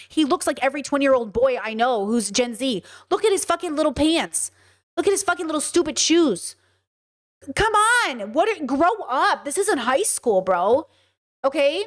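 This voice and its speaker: A woman hosting a live stream, reacting to protest footage with blunt, profane commentary that repeats points for emphasis. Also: sits high. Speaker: host.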